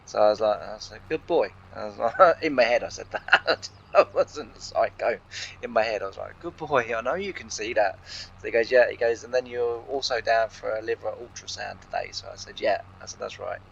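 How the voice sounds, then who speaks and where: Young English man, low-pitched host, chatty storyteller; lo-fi, muffled recording. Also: fairly quick, gravelly, a little hiss or hum. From England. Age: young adult. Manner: rambling anecdote, retelling each exchange with "I said" and "she said". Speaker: let's play host. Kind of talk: casual storytelling over gameplay. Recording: dull lo-fi recording.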